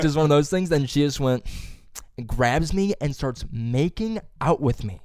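A young man chatting as a podcast co-host, telling rambling, profane stories and acting out quotes loudly. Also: a little high, moderate pace, dry recording, clean studio sound. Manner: animated, acts out quotes loudly. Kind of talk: casual chat.

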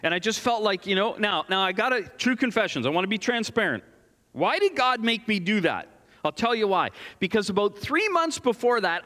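Animated pastor telling a story. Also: male voice, high voice. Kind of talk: storytelling sermon. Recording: long hall reverb.

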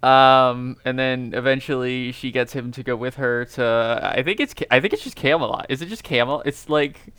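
A man co-hosting a casual podcast chat, talking in a halting, self-deprecating way with many ums and uhs. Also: medium pitch, fairly bright tone, clear, resonant tone, no room sound. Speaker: podcast co-host.

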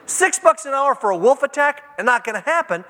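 A man's voice: very high voice, expressive, fairly quick, bright, forceful tone, pitched above the performer's own voice, exaggerated voice. A man voicing a lazy, self-serving hired shepherd who talks in a flippant, shrugging way. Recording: long church-hall reverb.

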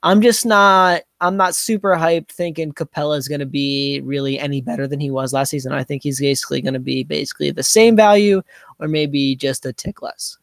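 A man's voice: a little high, brisk, vocal fry, a bit bright, no echo. Man, podcast co-host, casual hesitant talk, lots of fillers, dry close sound. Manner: hesitant, many likes and you-knows. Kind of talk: casual fantasy basketball chat.

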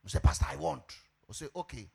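A middle-aged Ghanaian pastor preaching a sermon, telling a story with animated delivery and shouted emphasis. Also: male voice, fairly high pitch, quick pace, gravelly, husky.

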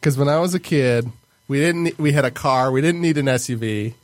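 A man in casual podcast talk lays out his idea earnestly, stumbling and restarting as he explains. His voice sits at an ordinary pitch and is recorded dry and close. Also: brisk, no room sound.

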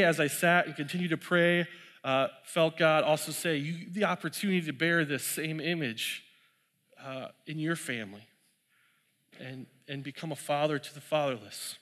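Male preacher, casual and chatty testimony, slightly higher voice, long church reverb. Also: a bit bright. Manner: conversational storytelling, laughs often. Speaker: pastor sharing testimony. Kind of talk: sermon with personal story.

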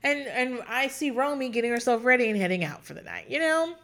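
A woman's voice: on the high side, animated, brisk, fairly bright tone. A woman in casual talk, rambling and swearing freely as she recaps a show, with frequent laughs and filler words. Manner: profane, rambling, chatty, often laughing.

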